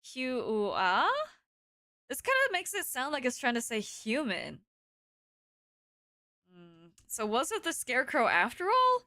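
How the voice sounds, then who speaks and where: A woman's voice: high voice, very animated, moderate pace, pauses often, pushed and bright, dry recording, clean studio sound. A woman streaming a visual novel, reading the protagonist and chatting casually between lines. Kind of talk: live visual novel playthrough.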